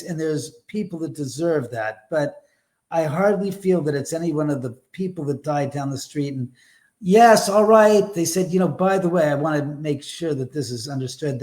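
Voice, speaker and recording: On a live show, a guest who owns a haunted house tells stories in an animated, conversational way. His voice is fairly high and a little mellow, and he rambles emphatically, making blunt remarks with some mild swearing.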